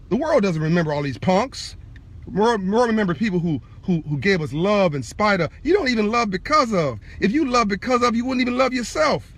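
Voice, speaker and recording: Man on a live video, husky voice, swooping inflection, fervent sermon-like delivery to camera. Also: high voice. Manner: fervent, direct, preachy, repetitive emphasis; insists on being calm and measured. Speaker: speaker addressing online viewers. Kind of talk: impassioned live-video monologue.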